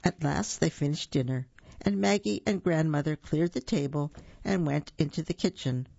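Gravelly storyteller reading to children. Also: medium pitch, moderate pace, no echo, lo-fi sound. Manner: warm asides to young listeners.

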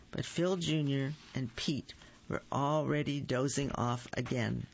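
Male storybook reader: slow and gentle, husky and gravelly, lo-fi. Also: mid-range voice. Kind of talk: reading a children's storybook aloud.

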